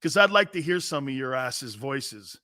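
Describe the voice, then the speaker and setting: A man hosting a sports talk show, telling stories in a loose, animated way and slipping into squeaky impressions. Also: normal speed, dry recording, studio quality. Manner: animated storyteller, does squeaky impressions and shouts. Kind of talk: casual sports radio talk.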